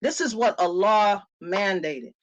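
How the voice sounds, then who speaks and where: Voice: mid-range voice, slow, poor audio. A co-host of a casual religious discussion who speaks earnestly and reads viewer comments aloud.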